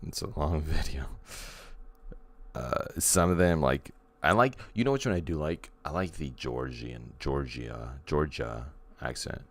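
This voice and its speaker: A man with an extremely low, gravelly voice co-hosting a casual podcast. He teases his co-host wryly, and his deep pitch still rises and falls in lively swings. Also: unhurried. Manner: wry, teasing. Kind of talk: casual chat.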